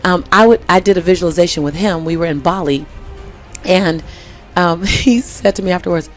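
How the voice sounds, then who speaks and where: A woman's voice: lowish voice, brisk, soft background music. A woman guest in a conversational interview, speaking emphatically and repeating key phrases for effect.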